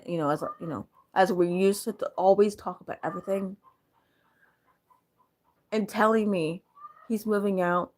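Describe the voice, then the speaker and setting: A woman's voice: medium pitch, fairly bright tone. Angry, upset woman venting. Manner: angry, venting, repeating herself. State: upset and sleep-deprived. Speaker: vlogger. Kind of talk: emotional personal vlog.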